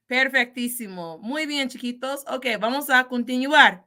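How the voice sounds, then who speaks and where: A woman teaching Spanish in a lively, playful lesson, moving between English and Spanish. Her voice sits slightly high and rings very bright. She acts out both sides of a short dialogue. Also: moderate pace, few pauses. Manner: models dialogue by playing both speakers. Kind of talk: bilingual video lesson.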